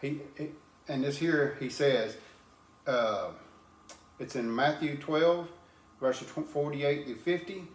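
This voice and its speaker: A man's voice: fairly high pitch, takes it slowly, long pauses, roomy sound. A man preaching an informal sermon, plain-spoken and earnest, often repeating and restarting his words as he reads scripture.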